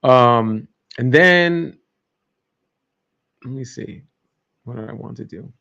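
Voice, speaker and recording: A man's voice: mid-range voice, slow, gravelly, fairly bright tone. A man hosting a casual livestream, rambling and joking as he chats with viewers. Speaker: livestream host. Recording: dull lo-fi stream audio.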